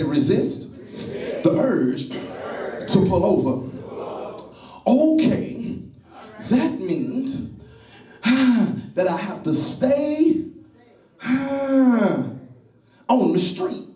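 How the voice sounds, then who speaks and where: A man preaching a sermon in a church, repeating phrases, calling on the congregation and building to shouts. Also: high voice, very animated, drawn-out words, pauses often. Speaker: pastor. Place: church sanctuary. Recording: echoey church from a distance.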